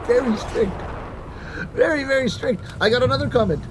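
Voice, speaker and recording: High-pitched guy around 50 doing comic stories for a crowd, animated, acts out the bits. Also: a little slow, long pauses, a little hiss or hum. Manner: animated, acts out voices and punchlines. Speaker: rakugo comedian. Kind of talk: stand-up storytelling to a live audience.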